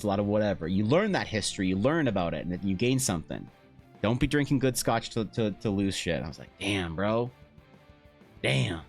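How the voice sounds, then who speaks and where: A man chatting casually with his stream viewers, telling rambling stories full of swearing. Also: fairly low pitch. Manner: profane, rambling storytelling. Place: home.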